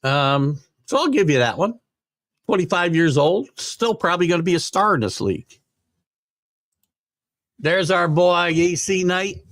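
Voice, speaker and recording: A man's voice: sits high, animated, measured pace, long pauses, fairly bright tone, no room sound, clean studio sound. An older man hosting a live sports talk show, chatting casually and rambling with fillers while reading viewer comments. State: hiccups.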